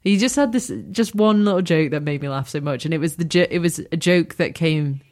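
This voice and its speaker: A woman's voice: deep voice, fairly quick, darkish tone. A woman with a neutral English accent, a touch northern on some words, chatting casually as a podcast co-host, teasing and laughing often. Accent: neutral English, slightly northern on some words. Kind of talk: casual chat.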